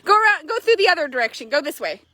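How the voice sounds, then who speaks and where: A woman horse trader telling animated, laughing stories in casual chat, swearing freely. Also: sits high, very fast, dry recording.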